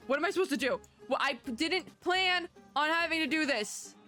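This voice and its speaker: A young woman doing let's play commentary on a video game, animated and chatty, laughing to herself. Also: high voice, brisk, hardly any pauses, soft background music. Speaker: gaming YouTuber.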